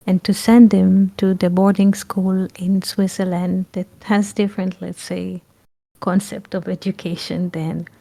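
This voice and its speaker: A woman giving a reflective spiritual talk, often pausing to search for words. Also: mid-range voice, gravelly, mellow. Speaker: spiritual teacher.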